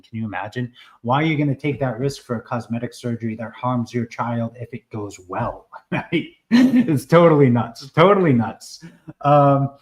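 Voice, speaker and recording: A man hosting a live stream in a casual, animated way. He talks at an average pitch, fills his speech with "uh" and "um" and often restarts his sentences. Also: poor audio. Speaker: livestream host.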